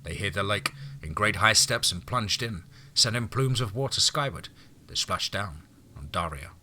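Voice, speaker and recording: A man reading a story aloud as an audiobook narrator, in a measured, even way. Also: on the low side, slight background noise.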